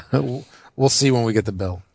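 Gravelly, relaxed male podcast co-host. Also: mid-range voice, normal speed, no echo, clean studio sound. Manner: easygoing, hesitant with many uhs. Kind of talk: casual gaming podcast chat.

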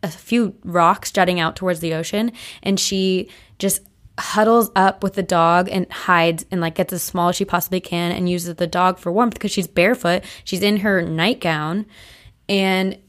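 Young female podcast co-host, lower voice, casual rambling storyteller. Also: fairly even intonation, moderate pace. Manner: chatty, many likes and restarts.

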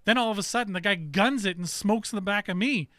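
A man co-hosting a podcast, telling a story in casual chat, animated and swearing freely. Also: sits high, fast, no room sound, clean studio sound. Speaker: podcast co-host.

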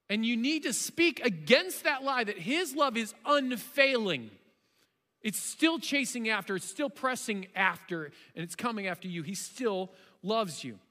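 A man in his thirties preaching a sermon, impassioned, shifting between loud emphasis and quiet storytelling. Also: very high voice. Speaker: pastor. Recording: long hall reverb.

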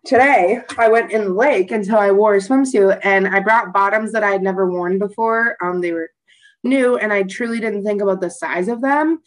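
A woman's voice: medium pitch, normal speed, poor audio. A young woman co-hosting a podcast, telling a rambling story in casual chat with lots of swearing and laughter. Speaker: podcast co-host.

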